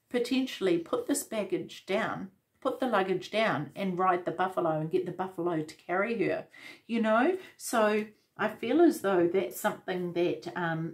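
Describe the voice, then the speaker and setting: A woman giving a casual tarot reading, gentle and reflective, with many fillers and restarts. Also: on the low side. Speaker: tarot reader.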